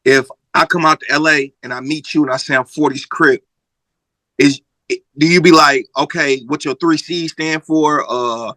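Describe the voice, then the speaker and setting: A man's voice: fairly high pitch, fairly even intonation, moderate pace, sharp tone, no echo. A man hosting a casual interview, asking probing hypothetical questions. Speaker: podcast host.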